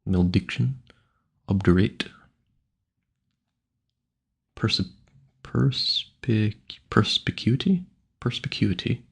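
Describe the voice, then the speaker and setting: A man's voice: lowish voice, creaky, breathy edge. A man rambling casually at a home mic, musing aloud and stumbling over hard words he sounds out. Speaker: audio creator.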